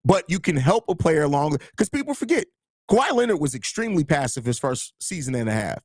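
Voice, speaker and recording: A man's voice: a little high, sing-song, a little fast, darkish tone, no echo, clean studio sound. A man hosting a live sports stream, reading chat comments and arguing his points in casual commentary. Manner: reads and answers chat comments, argues points with restarts. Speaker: host of a live sports show.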